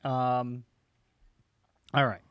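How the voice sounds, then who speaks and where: A man's voice: medium pitch, flat delivery, drawn-out words, fairly bright tone, clean tone, no echo. A man hosting a casual podcast chat, loose and hesitant with many ums as he steers the talk. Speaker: podcast host.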